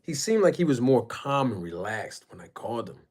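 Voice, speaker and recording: A man hosting a casual boxing live stream, rambling and emphatic as he shouts out chat viewers by name. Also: medium pitch, sing-song, a little fast. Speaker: boxing YouTube channel host.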